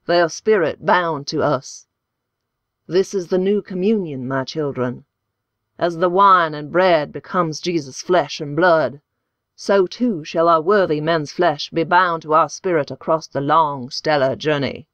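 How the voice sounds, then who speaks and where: A woman voicing a fervent male preacher with a hoarse voice, speaking in a solemn, preaching cadence in an audiobook. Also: sits low, unhurried, no room sound, muffled recording. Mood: comforting. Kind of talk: audiobook character voice.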